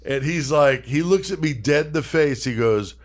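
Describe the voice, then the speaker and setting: A man's voice: a little high, moderate pace. A man on a podcast telling a long, profane, laughing anecdote and acting out the quotes. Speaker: podcast co-host. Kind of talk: casual storytelling.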